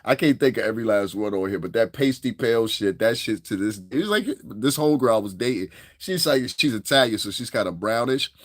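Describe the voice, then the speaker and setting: A man's voice: lowish voice, expressive, a little fast, hardly any pauses, no echo, studio quality. A man giving crude, rambling, unscripted commentary, laughing often between points. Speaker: commentary streamer.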